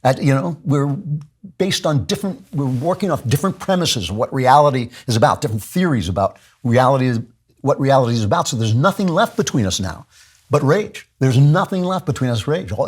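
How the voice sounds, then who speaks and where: Husky guy hosting his show, worked up and fervent, keeps repeating himself and restarting lines. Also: mid-range voice, animated, brisk. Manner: fervent, repetitive, with frequent restarts. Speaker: podcast host. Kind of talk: impassioned monologue.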